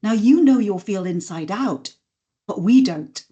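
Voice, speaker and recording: Woman communication coach, mid pitch, mellow tone, calm and instructive, podcast guest. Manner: measured, instructive, demonstrates intonation examples. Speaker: voice and communication skills trainer. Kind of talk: podcast interview, explaining and demonstrating.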